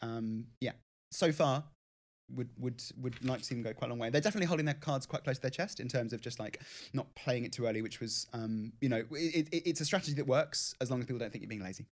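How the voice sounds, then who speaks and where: A man co-hosting a podcast in casual chat, riffing and joking animatedly. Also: mid-range voice. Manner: fast, animated, jokey riffing. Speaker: podcast co-host.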